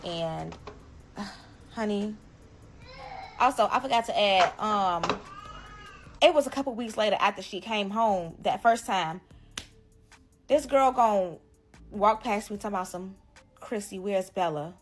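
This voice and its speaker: A woman recounts a personal story in a casual storytime. She talks in an animated, emphatic way and curses freely, at a middle pitch. Faint music plays behind her. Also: a little slow, pauses often.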